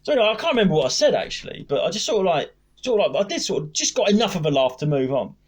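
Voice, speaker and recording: A man co-hosting a comedy podcast, telling a swearing, animated story about a gig and acting out the dialogue. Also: high-pitched, racing. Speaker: podcast co-host, stand-up comedian. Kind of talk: casual podcast chat, storytelling.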